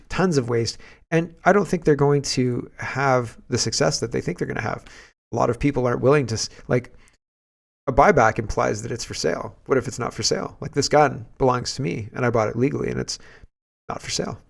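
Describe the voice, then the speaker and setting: A man's voice: mid-range voice, gravelly. A man hosting casual political commentary, sarcastic and scoffing, laughing often as he reads and reacts.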